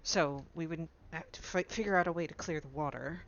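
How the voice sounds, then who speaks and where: A woman playing a tabletop game, talking eagerly with bursts of excitement and laughter. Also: deep voice, a little fast, lo-fi sound. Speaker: player. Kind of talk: casual tabletop game chat.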